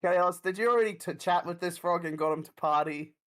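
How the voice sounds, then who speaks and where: A man's voice: high-pitched, a little fast, fairly bright tone, clear, resonant tone. A man chatting casually as a player in a tabletop game, joking and laughing often.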